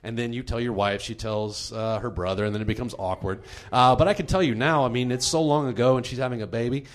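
A man hosting a comedy podcast, telling a true story in an animated, laughing way. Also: mid-range voice, a little fast, hardly any pauses.

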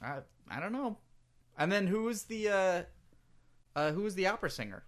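A man's voice: sits high, animated, normal speed. A man co-hosting a podcast, chatting casually in a playful, teasing way. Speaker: podcast co-host. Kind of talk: casual chat.

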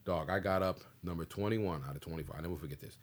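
A man in his sixties from the Pacific Northwest, a stand-up comedian telling a slangy, animated story in a casual interview and acting out the dialogue. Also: sits low, quick pace.

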